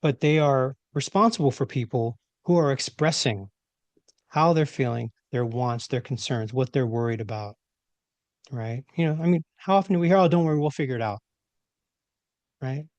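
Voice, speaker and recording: A man's voice: medium pitch, no echo. A man co-hosting a casual podcast, who talks in a rhetorical way, asking questions and acting out what people say. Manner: rhetorical, asks questions, quick asides. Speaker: podcast co-host.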